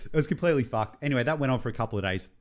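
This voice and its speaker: A young man co-hosting a podcast, telling a story in an animated, profane, casual way. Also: mid-range voice, racing. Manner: animated, swears freely, tells stories. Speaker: podcast co-host.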